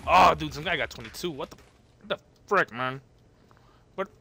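A gaming channel host doing let's-play commentary, hyper and excitable, jumping between sudden yelps and low mutters and trash-talking opponents. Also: moderate pace, creaky.

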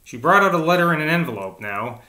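Man, novel reader, informal, self-interrupting, animated pitch, roomy echo. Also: fast. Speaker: audiobook reader. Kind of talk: reading a novel aloud with casual asides.

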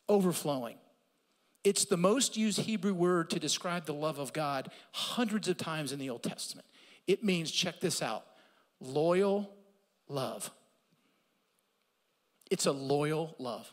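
A man preaching a sermon as pastor, animated and conversational, with asides to the congregation. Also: high voice, moderate pace, in a large hall. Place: church.

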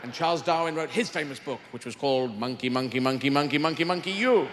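A man's voice: medium pitch, quick pace, very noisy. A male comedian doing live stand-up on a large arena stage, rambling and surreal in his delivery. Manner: rambling, surreal, animated, sweary. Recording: roomy arena with audience laughter.

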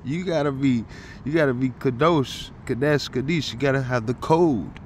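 A man giving an informal scripture study talk, thinking aloud with halting restarts and sudden bursts of excited realization. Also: medium pitch, slight background noise. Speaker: Bible teacher.

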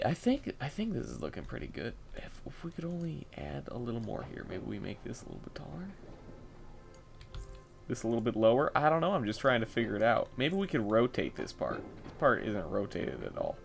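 Excitable man thinking aloud over gameplay. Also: medium pitch, gravelly. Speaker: gameplay video host. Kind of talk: casual gameplay commentary.

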